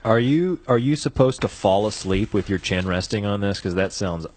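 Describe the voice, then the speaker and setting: A man's voice: lowish voice, animated, moderate pace, a little mellow. A man co-hosting a podcast in casual banter, playing jokes mock-seriously. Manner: mock-serious, goes along with the bit. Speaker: podcast co-host.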